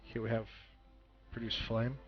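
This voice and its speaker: A man casually commenting on his video game stream as he makes choices, thinking aloud and correcting himself along the way. His voice sits at an ordinary mid pitch. The audio is dull and lo-fi, with game music clearly playing behind. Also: level tone, a little slow. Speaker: gaming streamer.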